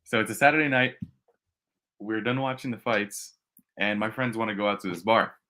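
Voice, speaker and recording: A man hosting a podcast, telling a story in a relaxed casual way. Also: lowish voice, moderate pace. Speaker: podcast host.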